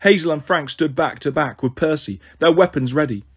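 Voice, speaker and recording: A man reads an audiobook in a slightly raised, husky voice. His narration is steady and even, and he never rushes the story.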